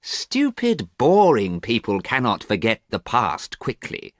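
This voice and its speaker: A man's voice: fairly high pitch, wildly swooping pitch, normal speed, no room sound, pitched above the performer's own voice. A man voicing a vain, cold young man who drawls in a haughty, raised voice, recorded close and dry.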